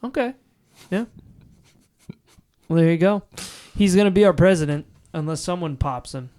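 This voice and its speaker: A young man with a fairly high voice chats on a podcast in a loose, laid-back way. He jokes easily and drops swear words without thinking about them. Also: moderate pace, mellow. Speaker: podcast co-host. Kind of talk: casual chat.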